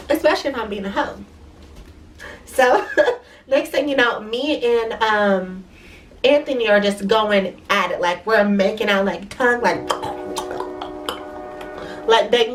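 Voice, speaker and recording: A young woman telling a story in a fast, profane, animated way, with a stuffy nose. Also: on the high side, recorded from a distance. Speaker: vlogger. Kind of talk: casual storytime.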